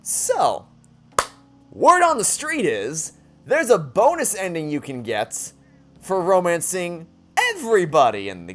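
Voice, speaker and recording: Stammering let's play host, exasperated and swearing, pitch leaps all over, soft game music behind. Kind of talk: emotional let's play commentary.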